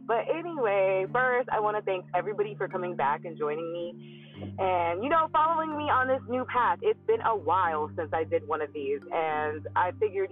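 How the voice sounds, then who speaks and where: A woman's voice: mid-range voice, lively intonation, normal speed. Solo woman podcast host, chatty and reflective, acts out her own inner voice; narrow phone-line audio with faint music under it. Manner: musing, acts out her own thoughts in quotes, many hums. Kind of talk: casual solo monologue.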